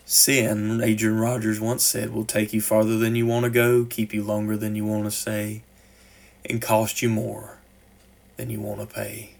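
A man's voice: lowish voice, completely flat delivery, measured pace, creaky. Man preaching with dramatic swings. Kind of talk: sermon.

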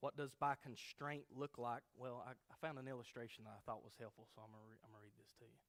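A man's voice: mid-range voice, flat delivery, fast, a bit bright. A man preaching a verse-by-verse sermon who teaches emphatically and often checks in with his listeners by asking "okay?". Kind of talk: expository sermon.

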